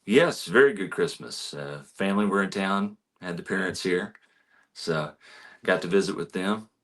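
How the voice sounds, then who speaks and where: A man's voice: deep voice, normal speed, a bit bright. A man, a guest musician answering in an easygoing, friendly way. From Texarkana, Texas. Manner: easygoing and friendly, short replies. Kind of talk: relaxed interview chat.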